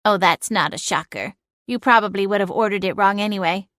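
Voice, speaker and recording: A woman's voice: medium pitch, fairly quick, fairly bright tone, dry recording, lightly acted. A woman voicing a snarky, sarcastic female cat familiar with a dry, cutting, mocking manner in an audiobook. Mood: snide. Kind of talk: audiobook narration.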